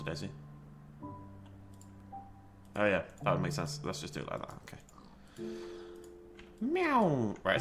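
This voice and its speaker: A young man with a cold, hosting a casual game commentary, chatty and self-mocking, jumping to high yelps when startled. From United Kingdom. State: has a cold. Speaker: gaming channel host. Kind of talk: casual Minecraft let's play commentary.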